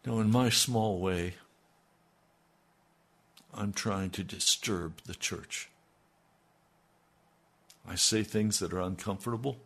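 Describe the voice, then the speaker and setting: An older man preaching on the radio as a pastor, earnest and reflective, his voice sinking low at the ends of thoughts. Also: fairly bright tone, husky. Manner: slow, earnest, dropping to near-murmurs. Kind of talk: radio sermon.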